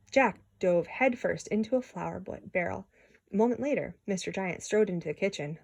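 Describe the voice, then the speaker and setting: A woman reading a children's story aloud in an expressive way, with small slips and restarts. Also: mid-range voice, normal speed, vocal fry, husky. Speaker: storybook reader.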